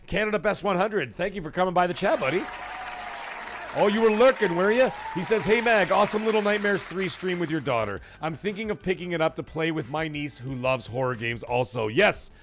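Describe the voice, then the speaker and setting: Stream host, male, casual and animated, voice on the higher side, soft music bed. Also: a little fast, some chatter behind. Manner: animated, rambling, thanks chat viewers, swears. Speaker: livestream talk show host. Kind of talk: casual live-stream chat.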